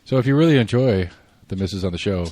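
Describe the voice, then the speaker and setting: A man's voice: lowish voice, expressive, fast, warm tone. A man hosting a podcast, chatting casually and playfully with his wife. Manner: playful, joking. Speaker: podcast host. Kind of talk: casual chat.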